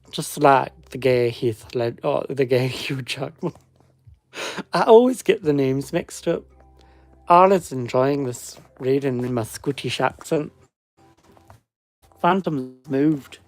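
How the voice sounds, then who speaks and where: In a mid-range, darkish voice, a man reads ghost stories aloud using a put-on Scottish accent. It's casual read-aloud storytelling, and he breaks off the reading with chatty asides.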